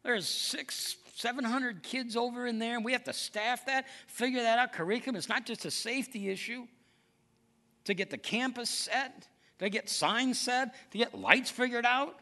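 A man's voice: extremely high pitch, moderate pace, bright, forceful tone. A male pastor preaching a sermon in an emphatic, conversational way.

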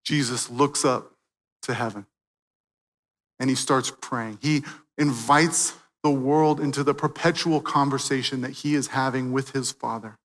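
A man preaching a sermon, swinging from loud, emphatic peaks to quiet, hushed moments. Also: medium pitch, fairly even intonation, a little slow, in a large hall. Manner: dynamic preaching, swelling loud then dropping soft.

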